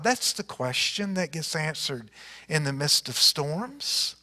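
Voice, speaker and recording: A man preaching a sermon as pastor, reading scripture dramatically with big swings from loud to hushed. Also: fairly high pitch, big pitch swings, slow, long reverb tail. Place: church sanctuary.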